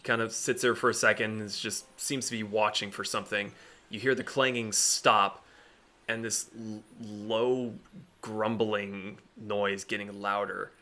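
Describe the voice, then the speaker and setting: A man running a tabletop game as its narrator, his voice low-pitched yet bright. He laughs often while describing scenes and characters. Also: little pitch movement, a little slow. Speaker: game master.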